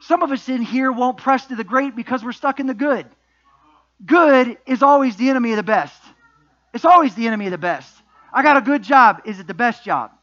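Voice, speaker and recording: A man's voice: very high voice, lively intonation, fairly quick, fairly bright tone, muffled recording. A middle-aged man preaching a sermon as pastor, emphatic, with repeated refrains and rhetorical questions.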